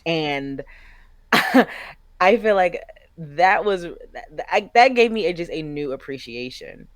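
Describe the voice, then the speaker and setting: Lively woman, dry close mic. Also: low voice, dry recording. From Nashville, USA. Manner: animated and playful, quick asides. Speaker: guest, flight attendant and content creator. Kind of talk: casual podcast chat.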